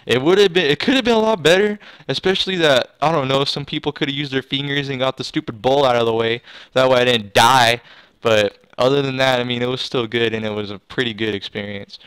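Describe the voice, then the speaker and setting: Young guy rambling through a story, smooth voice, dry close sound. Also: medium pitch, brisk, a bit bright, no echo, poor audio. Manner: rambling, full of restarts and swearing. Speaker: vlogger. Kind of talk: casual storytelling.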